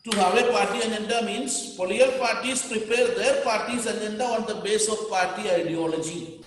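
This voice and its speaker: A male teacher with an Indian English accent gives a classroom lecture and stops to define each term. He repeats key words so students can write them down, and his voice sits fairly high for a man. The recording is very echoey, with a long hall-like reverb. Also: a little fast, a little hiss or hum.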